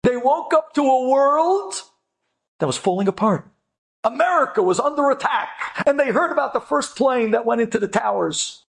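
A man's voice: very high voice, normal speed, vocal fry. A man telling an inspirational story with animation, acting out each voice. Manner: animated, acts out every voice. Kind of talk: storytelling talk.

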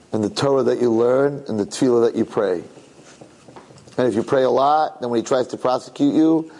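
A man gives a sermon as a story told in a loose, conversational style. His voice is husky and sits at a middle pitch. He repeats phrases and checks in with his listeners. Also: dark tone, low-quality recording. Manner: conversational, repeats himself, asks listeners questions.

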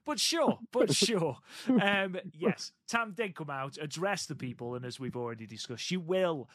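A man co-hosting a podcast, with a slightly high voice that moves around a lot in pitch. He sounds wry as he speaks straight to the listeners. The sound is close and dry. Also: lively intonation, a little slow, fairly bright tone, no room sound. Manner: wry, addresses listeners directly. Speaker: podcast co-host. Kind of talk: casual chat.

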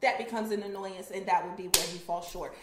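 A woman's voice: medium pitch, fairly even intonation, brisk, reverberant, noisy background. A woman co-hosting a casual chat, talking in an emphatic, blunt way. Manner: emphatic, blunt, says "period". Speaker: co-host.

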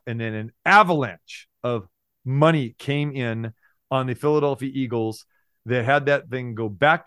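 A man, a sports handicapping radio host, chatting as a guest on a podcast, lively and exuberant, sometimes breaking into loud playful shouting. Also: medium pitch, smooth, no room sound, clean studio sound. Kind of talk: casual podcast chat.

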